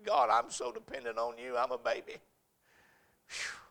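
A man preaching a sermon with passion, in rhythmic, repeated phrases that move from hushed to shouting. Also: mid-range voice, sing-song, moderate pace, vocal fry. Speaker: pastor.

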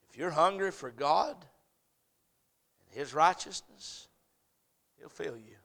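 A male pastor preaching a sermon, folksy and humorous, swinging from quiet asides to shouted preaching. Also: a little high, animated, measured pace, creaky, long pauses.

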